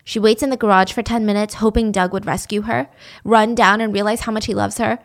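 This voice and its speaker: A woman's voice: mid-range voice, level tone, fairly quick, creaky. A young woman telling a true-crime story casually, with chatty, sarcastic asides.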